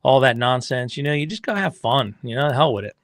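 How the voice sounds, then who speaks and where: A man's voice: medium pitch, expressive, fairly quick, no room sound. A man who owns a racing team and is the father of a rider, telling stories in a casual podcast chat. He acts out quotes and swears freely.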